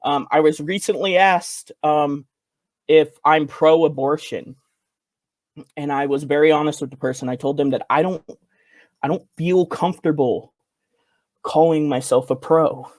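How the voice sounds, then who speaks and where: Here is a giggly podcast co-host chatting casually, a little hesitant and full of ums. His voice sits slightly high, and the recording is dry and close. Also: fairly even intonation, measured pace, long pauses, a little mellow, dry recording.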